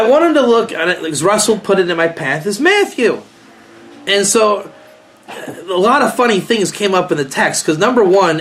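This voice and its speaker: A man, a rabbi, giving a rambling, joking informal lecture to a small group and asking them questions. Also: high voice. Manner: rambling, joking, animated, asks the audience questions.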